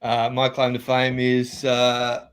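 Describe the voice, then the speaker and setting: Deadpan Australian comedian. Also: male voice, mid-range voice, slow, clean tone. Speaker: stand-up comedian guest. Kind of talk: jokey panel banter.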